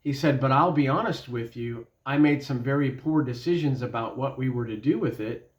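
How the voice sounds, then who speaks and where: A man's voice: mid-range voice, moderate pace. Folksy man giving a devotional talk. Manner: folksy, conversational storytelling with fillers. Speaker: Bible teacher. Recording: dull lo-fi sound.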